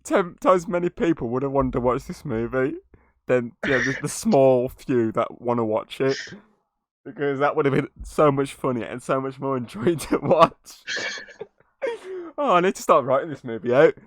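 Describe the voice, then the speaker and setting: A man's voice: mid-range voice, normal speed, no room sound, studio quality. A young man hosting a podcast, retelling film scenes in casual chat, swearing and laughing often. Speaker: podcast host. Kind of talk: casual movie review chat.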